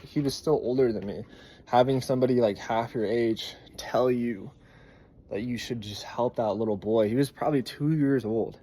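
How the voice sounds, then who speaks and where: A young man recounting a story from his day as a dad in a casual vlog. His voice sits at an ordinary middle pitch. He talks loosely, with plenty of fillers and some swearing. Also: dark tone. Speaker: father telling a story.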